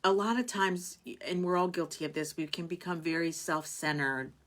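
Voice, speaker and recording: A woman's voice: lowish voice, normal speed, a bit bright. A woman hosting a live online talk show, chatting casually and reading viewer comments aloud. She speaks in a heartfelt, rambling way, full of fillers and restarts. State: tearful at moments.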